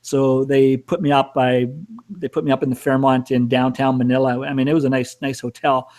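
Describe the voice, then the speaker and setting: A man's voice: mid-range voice, flat delivery, fairly quick, darkish tone. A middle-aged man casually telling a rambling, self-mocking travel story with some cursing. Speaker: storyteller host.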